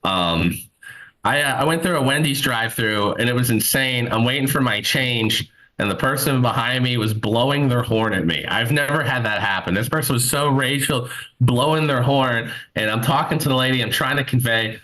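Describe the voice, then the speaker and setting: Bright-voiced young man doing stand-up. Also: mid-range voice, brisk, rough recording. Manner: rambling storytelling with crude asides. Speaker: stand-up comedian. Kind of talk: live stand-up set. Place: comedy club stage.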